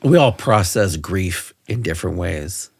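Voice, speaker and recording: Low-voiced candid man telling stories. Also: animated, unhurried, creaky, husky, no room sound, clean studio sound. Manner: candid, folksy, emotional when recalling. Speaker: podcast host, former police officer. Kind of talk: conversational interview, storytelling.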